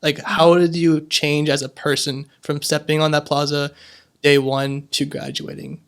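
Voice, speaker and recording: A young adult podcast host who asks loose, rambling questions and fills pauses with "um" and "like.". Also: mid-range voice, flat delivery. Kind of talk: casual interview chat.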